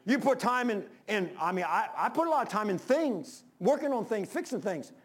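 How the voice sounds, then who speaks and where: Older pastor, high voice, fervent sermon delivery with swings from loud pleas to quiet asides. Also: male voice, sing-song, moderate pace. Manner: impassioned preaching, rises then drops low.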